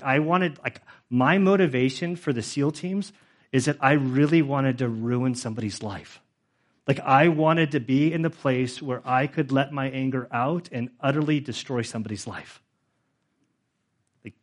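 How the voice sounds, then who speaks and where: A middle-aged male pastor giving a conversational sermon, with frequent fillers, who grows emotional as he goes. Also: medium pitch.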